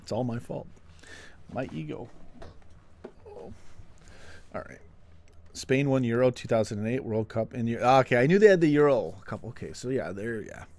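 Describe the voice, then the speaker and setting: A man's voice: mid-range voice, animated, moderate pace, creaky, pauses often, darkish tone. A man from Canada hosting a casual football live stream, chatting and answering viewers in a self-mocking way. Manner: chatty, self-mocking, reads chat aloud. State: out of breath. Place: home room, window open.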